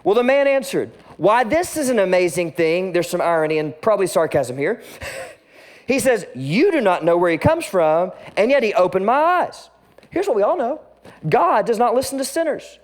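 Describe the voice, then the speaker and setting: Guy preaching a sermon, high voice, super animated, does the voices in the story. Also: normal speed. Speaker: pastor.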